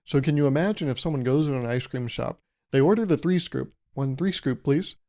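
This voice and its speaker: A man's voice: fairly high pitch, animated, fast talker, gravelly, warm tone. A man hosting a solo podcast, rambling through jokey analogies and laughing at his own jokes. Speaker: podcast host. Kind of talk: solo comedic podcast monologue.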